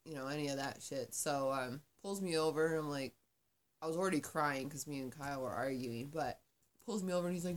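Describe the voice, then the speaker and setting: A woman chatting casually, telling a story in a profane, animated way. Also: deep voice, brisk. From Arizona. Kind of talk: casual chat.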